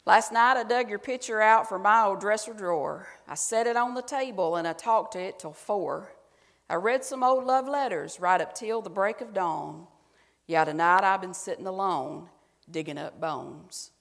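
A heartbroken country singer in a broad, exaggerated Southern twang, put on by a woman preacher. The lines come out loud and drawn out, with a long reverb trailing after them as in a big sanctuary. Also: medium pitch, moderate pace, gravelly, close to an everyday voice. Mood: mournful drawl. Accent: exaggerated American Southern. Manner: spoken lyrics in a broad twang, louder than her usual talk.

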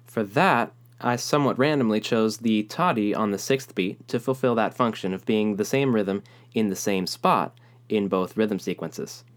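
Calm male rhythm teacher. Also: fairly low pitch, moderate pace. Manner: calm, explanatory, speaks rhythm syllables aloud. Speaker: music teacher. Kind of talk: online rhythm lesson.

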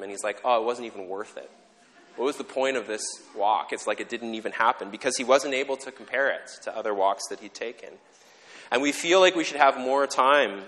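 Male pastor, middle pitch, earnest and reflective sermon delivery, long church-hall echo. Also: fairly bright tone. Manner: earnest, reflective, explains ideas step by step. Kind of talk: conversational sermon. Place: church sanctuary.

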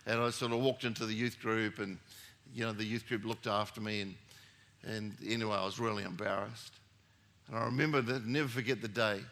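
A man's voice: fairly low pitch, fairly even intonation, brisk, fairly bright tone. A middle-aged man preaching a sermon as pastor, telling family stories in a conversational way and rising to emphatic peaks.

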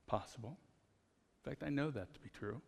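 Gravelly pastor preaching in a reverberant hall. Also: male voice, medium pitch, brisk. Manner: conversational storytelling, animated. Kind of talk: sermon.

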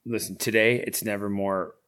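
A man's voice: on the low side, fairly even intonation, normal speed, fairly bright tone, clean tone. A middle-aged man telling stories in a casual interview, rambling with many fillers. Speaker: guest, founder of a veteran horse program.

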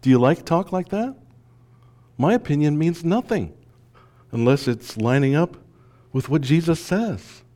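A male pastor preaching a sermon, asking the congregation rhetorical questions and swinging between hushed asides and emphatic lines. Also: fairly high pitch, expressive, measured pace, long pauses.

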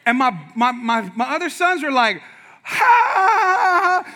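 A man's voice: very high voice, normal speed, slight background noise. A middle-aged man preaching a sermon, telling stories with humor and talking straight to the congregation. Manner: animated, humorous, talks to congregation. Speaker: pastor. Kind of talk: sermon with storytelling.

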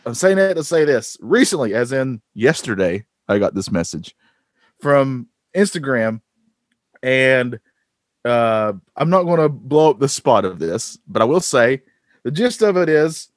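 A man's voice: mid-range voice, big pitch swings, a little slow, no echo, studio quality. Rambling man with many fillers. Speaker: podcast co-host. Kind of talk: casual chat.

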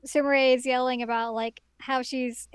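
A woman co-hosting a podcast, chiming in with dry, quick comments during a casual recap. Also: sits high, flat delivery, clear, resonant tone, no room sound. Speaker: podcast co-host.

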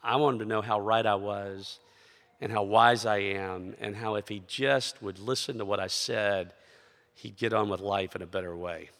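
A man's voice: fairly low pitch, fairly even intonation, moderate pace, a bit bright. A middle-aged man preaching a sermon as a pastor, telling a personal story in a conversational way and asking rhetorical questions. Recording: long reverb of a large hall.

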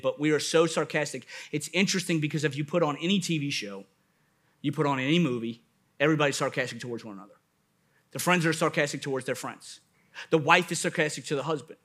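A man's voice: medium pitch, fairly bright tone. A man pastor preaching a sermon at a church service, with rising bursts of emphasis and playful asides.

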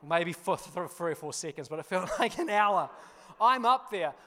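A man preaching, telling a funny personal story with laughter before turning to a quieter sermon. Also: high-pitched, moderate pace, a little hiss or hum. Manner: animated storyteller, laughs through the tale, drops quiet for scripture. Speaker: pastor.

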